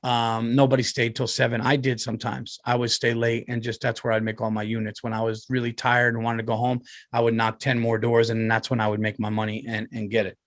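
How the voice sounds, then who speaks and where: A man, telling a rambling, profane story on his podcast and loudly acting out other people's voices. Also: medium pitch, completely flat delivery, a little fast, hardly any pauses, no room sound, clean studio sound. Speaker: comedian and podcast host. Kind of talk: casual storytelling.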